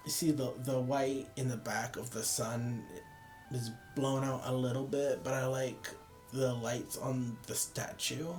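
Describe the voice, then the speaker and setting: A man's voice: mid-range voice, level tone, unhurried, darkish tone, faint music behind. A tired young man casually rambling and joking as he walks through his photos. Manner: rambling, self-deprecating, laughs at own jokes. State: tired, yawning. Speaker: photography vlogger. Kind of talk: casual chat.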